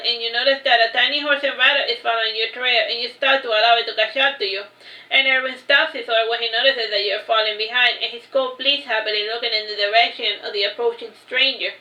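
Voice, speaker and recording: A woman with a bright, slightly high voice reads her own fantasy book aloud, trips over words and goes back to fix them. The room around her is roomy and echoing. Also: dull audio. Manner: unpolished reading with self-corrections. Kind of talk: storybook reading. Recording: roomy echo.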